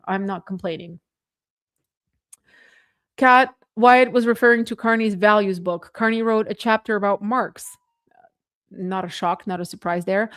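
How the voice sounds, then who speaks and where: A woman from Canada hosts a casual livestream from her home. She talks in a chatty way, laughs often and reads viewer comments out loud. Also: mid-range voice. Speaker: livestream host.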